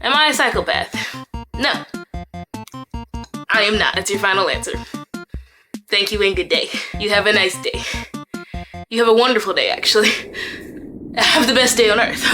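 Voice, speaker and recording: A woman's voice: mid-range voice, normal speed, pauses often. A young woman vlogging in a playful, dramatic way, often laughing. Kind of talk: casual vlog chat. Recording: music playing behind.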